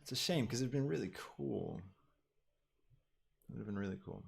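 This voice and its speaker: A man livestreaming his 3D work, casually thinking aloud and pausing with ums as he goes. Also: medium pitch, lively intonation, gravelly, husky. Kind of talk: casual livestream talk while working.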